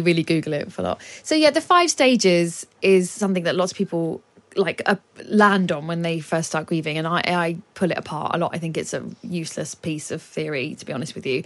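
A woman, a guest author, talking at length in a radio studio with lively explanations and laughs. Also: on the low side, fairly quick.

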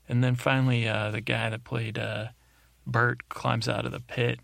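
A man telling a rambling comedic story as host, deadpan and halting, full of fillers and restarts, into a studio microphone. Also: medium pitch, vocal fry, dry recording. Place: isolated recording space.

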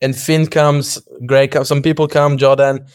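A young man, a podcast guest, telling a story in casual chat with plenty of energy. He acts out quoted dialogue, laughs often and swears a little. His voice comes across smooth and resonant over a dry, close mic. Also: medium pitch, level tone, unhurried, no room sound.

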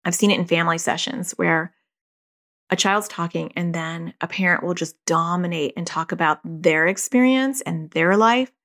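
A middle-aged woman therapist chats casually about parenting, her voice sitting a little low. She tells her stories in an animated way, laughing and slipping into the voices of the people she quotes. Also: moderate pace. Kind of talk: casual advice talk.

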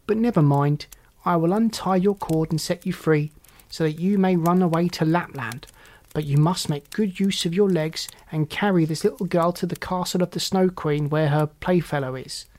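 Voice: mid-range voice, normal speed, a little mellow, lightly acted. A fierce little robber girl who gives orders bluntly, as a storyteller reads her part. The voice stays close to the reader's own, and the speech is commanding and plain. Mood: bossy. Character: young robber girl, wild and bossy.

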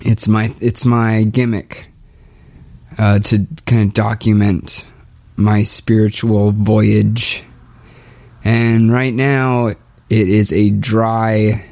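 A young man speaking a hesitant, halting confessional monologue, restarting often and sounding dejected. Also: fairly low pitch, a little mellow. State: low and dejected. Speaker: podcaster documenting his spiritual journey.

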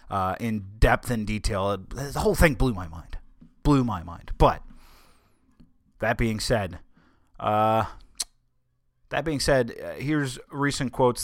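A man's voice: on the low side, dry recording, studio quality. A man hosting a solo podcast in a casual monologue, rambling, stumbling over his words and making wry asides. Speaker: podcast host.

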